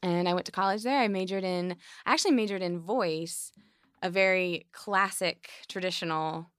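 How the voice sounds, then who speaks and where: Young woman from Colorado, interview guest, voice a bit low, relaxed and measured, dry close sound. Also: clean tone, no room sound. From Colorado, USA. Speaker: podcast guest, worship leader. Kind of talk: casual interview.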